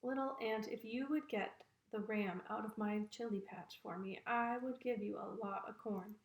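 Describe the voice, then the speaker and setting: A woman's voice: medium pitch, normal speed, natural voice. A woman doing a pleading little boy. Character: small sad pleading boy. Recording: roomy echo.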